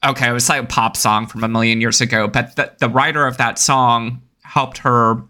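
Bright, chatty male podcast host. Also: mid-range voice, fairly even intonation, normal speed. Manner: chatty, storytelling, laughing easily. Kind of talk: casual chat.

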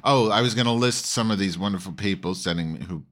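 A man's voice: low voice, fast talker, fairly bright tone. A man hosting an online call-in show, rambling in a campy, profane, loose way with many restarts. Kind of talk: casual rambling monologue.

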